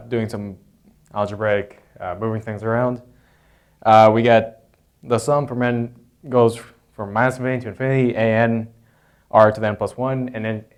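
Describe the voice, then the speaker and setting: A math tutor with a smooth, mid-range voice explains a proof in an unscripted lesson. He sounds hesitant, often using fillers and correcting himself.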